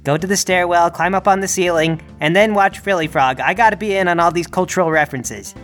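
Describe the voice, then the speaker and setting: A woman's voice: fairly low pitch, a little fast, faint music behind. A woman playing in a tabletop game, talking playfully and coaxingly. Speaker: player. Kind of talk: tabletop role-play.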